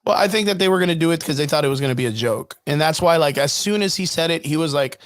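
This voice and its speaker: Easygoing guy with a higher voice, agreeable chat, dry mic. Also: fast, dry recording. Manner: easygoing, agreeable, laughs often. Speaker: co-host. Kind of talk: casual chat.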